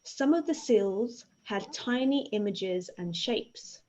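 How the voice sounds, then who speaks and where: A woman's voice: medium pitch, animated, takes it slowly, a little mellow, highs cut off. A woman hosting a casual live-streamed interview, reassuring her guest and reading out viewer questions. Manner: friendly, reassuring, reads out viewer comments. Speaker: host.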